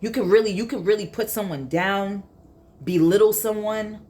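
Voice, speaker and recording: A woman's voice: mid-range voice, moderate pace, a little mellow. A woman giving a casual tarot reading, emphatic and blunt, repeating her points and swearing freely. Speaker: tarot reader.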